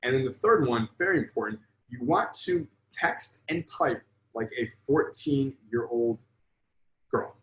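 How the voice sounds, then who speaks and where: A man in the middle pitch range teaches a live sales lesson to an online group. He talks bluntly and with emphasis, swearing often to drive his points home. The room around him has a noticeable echo. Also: animated, measured pace, fairly bright tone. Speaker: sales coach.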